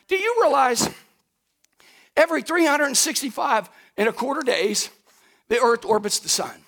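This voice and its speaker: Man, pastor, sermon, very high voice, lively swings in pitch, folksy, shouts at peaks. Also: moderate pace, vocal fry. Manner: animated preaching, rising to shouts at high points; folksy, addresses the congregation directly.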